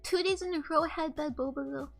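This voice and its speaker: High-voiced young woman rambling on stream. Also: fast, gravelly, a bit bright. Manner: rambling, candid storytelling with swearing. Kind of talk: casual livestream chat. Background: faint background music.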